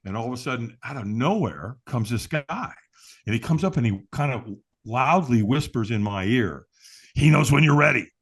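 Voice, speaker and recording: A man guest on an interview show, telling a personal story with lively, acted-out quotes and frequent restarts. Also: mid-range voice, moderate pace, husky. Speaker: guest, firewalk instructor.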